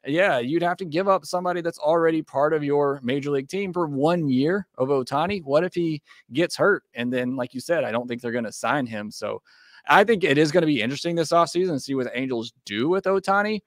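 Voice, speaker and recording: A man's voice: on the high side, brisk, no room sound, studio quality. A man hosting a sports podcast, talking casually and hedging with fillers as he weighs options. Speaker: podcast host.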